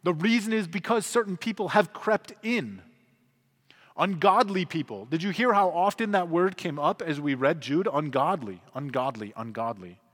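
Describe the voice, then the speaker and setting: Pastor, male, 30s, somewhat high voice, earnest conversational sermon delivery, long church reverb. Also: lively intonation, normal speed, fairly bright tone. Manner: earnest, conversational preaching with emphatic swells.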